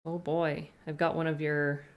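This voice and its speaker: Woman, live-stream host, slightly low voice, rambling and chatty while greeting chat. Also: flat delivery, a little slow, lo-fi sound. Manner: chatty, rambling asides, greets viewers one by one.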